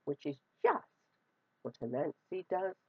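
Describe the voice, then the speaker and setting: A woman reading a children's storybook aloud, expressive and drawing out words for effect. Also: low-pitched, measured pace, breathy edge, dry recording. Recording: dry, slightly dull recording.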